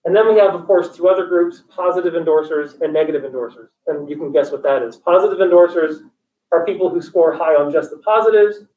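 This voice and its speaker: A male college instructor speaks quickly in a fairly high voice, mixing jokes and tangents into his lecture while quizzing students. It's recorded in an echoey classroom through a dull, far-off mic.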